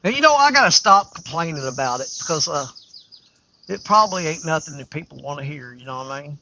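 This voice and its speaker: Fast-talking and animated, an older man with a voice on the high side, pushed and bright, hosts a fishing livestream on a riverbank. His casual chat is folksy, rambling and candid, heard through dull lo-fi livestream audio.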